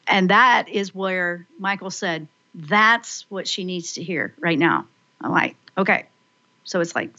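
A woman hosting a spiritual radio call-in show, talking excitedly and rambling as she acts out her own inner voice. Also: mid-range voice, measured pace, no room sound, highs cut off.

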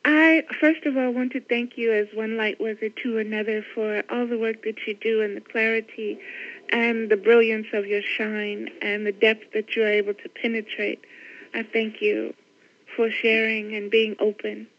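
A woman calling in to a spiritual radio show, speaking in an earnest, effusive, measured way. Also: fairly high pitch, level tone, muffled recording. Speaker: radio caller. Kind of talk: earnest spiritual call-in talk.

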